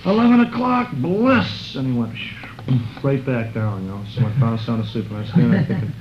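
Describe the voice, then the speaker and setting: A man's voice: lowish voice, fast. A middle-aged man telling casual stories in a rambling way, using many fillers and acting out quotes in a raised voice. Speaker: interviewee recalling a friend. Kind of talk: casual storytelling. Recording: muffled recording with clear background noise.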